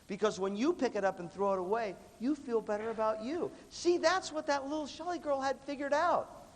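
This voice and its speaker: A man's voice: extremely high pitch, brisk. A man giving a live motivational talk to a large student audience, conversational and coughing now and then. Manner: conversational, acts out quoted students. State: coughing repeatedly. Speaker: motivational speaker. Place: large hall with a big audience. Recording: long hall reverb.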